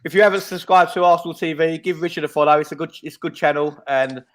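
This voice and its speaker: A man's voice: fairly high pitch, steady tone, quick pace. A man hosting a casual football fan podcast, laid-back and self-mocking, with many ums. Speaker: podcast host.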